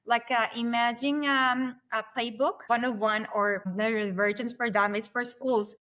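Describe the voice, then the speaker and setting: A woman, a podcast guest who talks fast and at length in animated conversation. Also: fairly high pitch.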